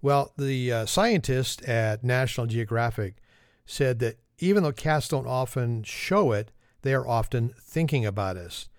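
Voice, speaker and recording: A man's voice: mid-range voice, measured pace, smooth, no room sound, studio quality. A man hosting a podcast and delivering a humorous monologue in a wry, self-deprecating, conversational manner. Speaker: podcast host.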